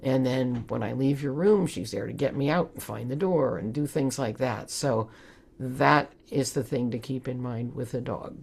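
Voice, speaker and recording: A woman's voice: extremely low pitch, normal speed, gravelly, darkish tone, husky. A woman presenting in a webinar, talking in an earnest, conversational way. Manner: conversational, laughs often, earnest. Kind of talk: webinar talk.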